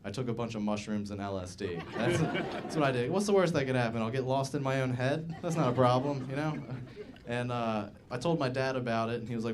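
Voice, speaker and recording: A young man in his twenties doing stand-up in a comedy club, loose and meandering, filling pauses with "uh" and "like." His mid-pitched voice comes through a stage mic with clear background noise and bursts of audience laughter. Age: 20s. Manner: rambling, laid-back delivery with frequent "uh" and "like". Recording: live club recording with audible audience laughter.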